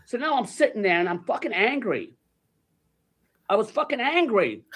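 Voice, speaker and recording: A man's voice: sits high, sing-song, moderate pace, long pauses, a bit bright, husky. A man from New tells a story in casual chat. He swears freely and acts out the people in his story. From New York. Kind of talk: casual anecdote telling.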